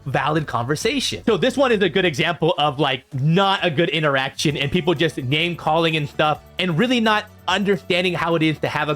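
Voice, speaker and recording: Guy w a pretty high voice going thru comments, gets all worked up and jumpy, faint music under it. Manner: animated, jumps in pitch when exasperated. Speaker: YouTuber reacting to comments. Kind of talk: casual reaction vlog.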